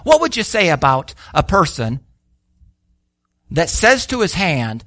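A man preaching a sermon, animated and full of rhetorical questions, acting out the voices he quotes. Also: high-pitched, a little slow, pauses often, no echo.

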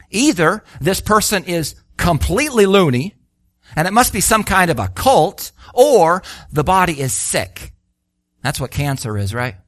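A man preaching a sermon, animated and full of rhetorical questions, acting out the voices he quotes. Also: on the high side, no room sound, studio quality.

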